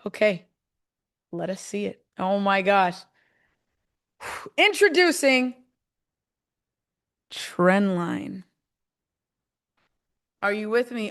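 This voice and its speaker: A woman hosting a live call, delivering an excited sales pitch for a trading program and repeating her phrases for emphasis. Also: extremely slow, pauses often. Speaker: host presenting a trading program.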